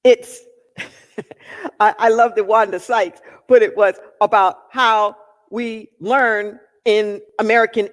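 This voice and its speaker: A woman's voice: a little high, in a large hall. A woman minister giving a sermon, emphatic and repeating key phrases for weight.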